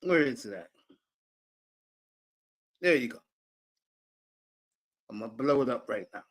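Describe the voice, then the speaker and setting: A man's voice: medium pitch, expressive, slow. A man hosting a live sports talk stream, brash and profane, calling out chat viewers by name. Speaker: sports talk show host.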